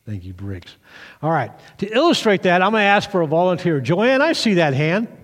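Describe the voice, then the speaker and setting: A man's voice: sits high, very animated, fairly quick, big-room sound. A man pastor giving a children's sermon, retelling a story with animation and asking the kids questions.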